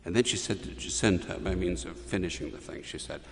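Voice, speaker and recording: A man preaching a homily, telling a story in a measured way with restarts and pauses. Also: deep voice, big-room sound. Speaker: priest.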